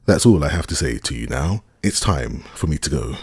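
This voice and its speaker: A man's voice: extremely low pitch, expressive, normal speed, a little mellow, slightly rough, no echo, clean studio sound, heavily acted. A man voicing a cold, sarcastic middle-aged husband in an audiobook, stiff and contemptuous. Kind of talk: audiobook character reading.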